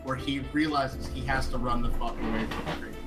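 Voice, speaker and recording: A man's voice: mid-range voice, steady tone, fairly quick, loud music behind the voice. A man on a gaming stream giving blunt, swear-filled remarks about the game. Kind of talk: let's play banter.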